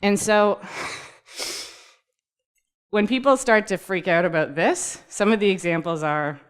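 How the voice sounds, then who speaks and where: A woman's voice: mid-range voice, takes it slowly, clean tone. A woman giving a casual, upbeat presentation to a live audience, laughing easily and talking directly to the room. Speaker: speaker at a tech community talk. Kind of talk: conversational presentation.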